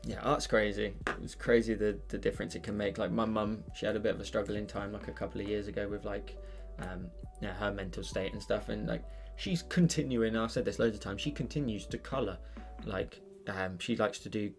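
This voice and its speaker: A man's voice: on the low side, steady tone, a little fast, vocal fry, hardly any pauses, faint music behind. A British man hosting an art channel, chatting casually on a live stream while he draws, rambling with lots of fillers and restarts.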